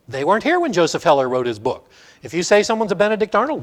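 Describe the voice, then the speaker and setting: Telling stories and quizzing his Sunday school class, this middle-aged teacher talks fast in a high, very animated voice.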